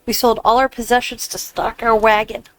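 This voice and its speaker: A woman's voice: on the high side, flat delivery, a little fast, fairly bright tone, poor audio. A woman reading the lines of a hopeful male pioneer settler in a video game, in an earnest tone.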